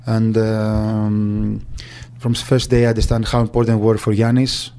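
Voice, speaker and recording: Greek-accented man, low voice, halting interview recollection. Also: completely flat delivery, warm tone, smooth. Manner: halting, many fillers and restarts. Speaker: agent.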